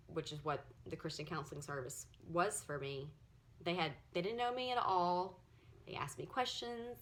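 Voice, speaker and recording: A woman in her forties sharing her personal story in a halting, earnest way, at times close to tears. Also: low-pitched, a bit bright. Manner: earnest, halting, emotional, often near tears. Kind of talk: personal testimony to camera.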